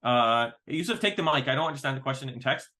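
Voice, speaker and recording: A man's voice: medium pitch, expressive, fast, bright, forceful tone. A man teaching a casual online workshop on melodic modes, counting notes aloud and singing short examples. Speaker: maqam teacher.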